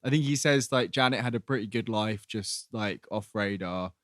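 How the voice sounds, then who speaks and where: A man's voice: lowish voice, normal speed, a bit bright, no echo, clean studio sound. A man co-hosting a podcast, recapping a TV episode in rambling casual chat and acting out the characters' lines. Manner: rambling, acts out quotes with laughs. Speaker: podcast co-host.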